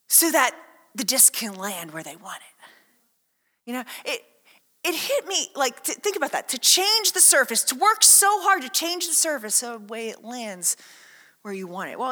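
A woman preaching a sermon to a congregation, chatty and animated, acting out little scenes and asking the room questions. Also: high voice, moderate pace. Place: church hall. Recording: echoey hall.

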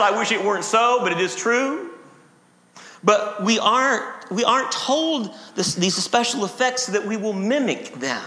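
Male pastor, high bright voice, emphatic repeating sermon, roomy church reverb. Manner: emphatic, repeats phrases for stress. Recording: echoey hall reverb.

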